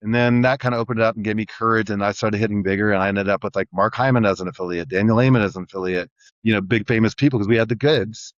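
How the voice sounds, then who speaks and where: A middle-aged man, a guest on an interview show, telling his story in an energetic, rambling way with lots of restarts. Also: fairly low pitch, fast talker, dry recording. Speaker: guest entrepreneur. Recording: dry, slightly dull sound.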